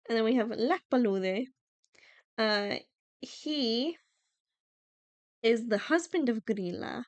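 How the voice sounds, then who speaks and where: A woman's voice: fairly high pitch, sing-song, drawn-out words, long pauses, darkish tone, no echo. A young woman from Iceland chatting casually on a livestream, giggling often and using lots of fillers.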